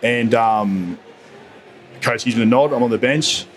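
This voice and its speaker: A man in his thirties with an Australian accent, a podcast guest telling stories in a relaxed way, laughing now and then and often saying "mate". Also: medium pitch, measured pace. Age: 30s. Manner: laid-back storyteller, says "mate" a lot, laughs mid-story. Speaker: podcast guest, rugby player. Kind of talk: casual podcast chat.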